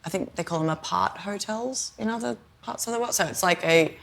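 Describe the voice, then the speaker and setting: A woman's voice: medium pitch, brisk, creaky. An Australian woman co-hosting a podcast, telling a story in a chatty, rambling way with lots of "like". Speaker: podcast co-host. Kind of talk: casual chat.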